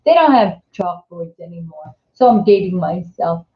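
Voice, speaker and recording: A woman's voice: fairly low pitch, lively intonation, moderate pace. An older woman with a New Jersey accent hosting a casual live-stream chat, rambling and chatty with many restarts. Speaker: host. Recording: echoey room, dull lo-fi sound.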